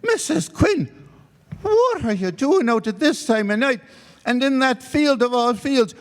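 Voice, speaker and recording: A man storyteller voicing a flustered old countryman who scolds in a startled, high-pitched voice. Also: expressive, a little slow, big-room sound.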